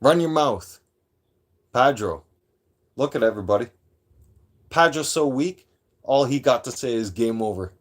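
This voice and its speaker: A middle-aged man, ranting on his live stream. He talks rough and profane, throwing out threats. His voice sits at an ordinary mid pitch for a man. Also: moderate pace, long pauses. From Toronto, Canada.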